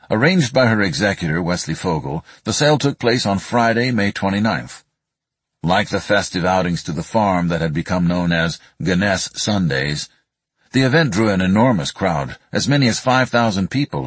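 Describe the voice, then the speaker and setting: A man reading a nonfiction book aloud in a measured, even storytelling manner. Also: low-pitched, husky, dry recording. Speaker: audiobook narrator. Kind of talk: scripted nonfiction narration.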